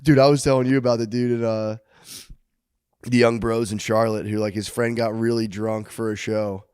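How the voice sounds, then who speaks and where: A man's voice: fairly low pitch, little pitch movement, normal speed, darkish tone, clean tone, dry recording, clean studio sound. A man hosting a casual comedy podcast, telling loose, profane stories and laughing often. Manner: loose storytelling, frequent swearing and laughing. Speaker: podcast host.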